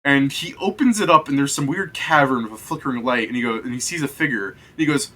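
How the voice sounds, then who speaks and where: A young man with a bright, forward voice spins a rambling story during casual chat. He plays the game master, swears freely and laughs at his own tale. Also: fairly high pitch, expressive, a little fast, hardly any pauses.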